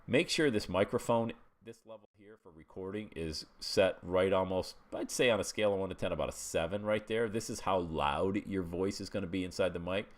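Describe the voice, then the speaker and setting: A man's voice: deep voice, a little fast, few pauses. A middle-aged man teaching a screen-share webinar, chatty and walking listeners through each step with frequent check-ins. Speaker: webinar instructor.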